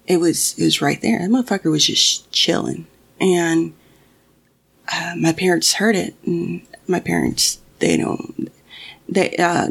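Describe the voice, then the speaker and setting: A woman's voice: deep voice, gravelly, slightly rough. A young woman telling a personal story casually, swearing often and restarting her sentences. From Mexican family.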